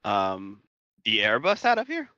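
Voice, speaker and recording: A man's voice: fairly low pitch, wildly swooping pitch, unhurried, bright, forceful tone, no echo, highs cut off. A man co-piloting in a flight simulator, chatting casually and teasing his partner. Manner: teasing, joking. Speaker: co-pilot and co-host. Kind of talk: casual gaming chat.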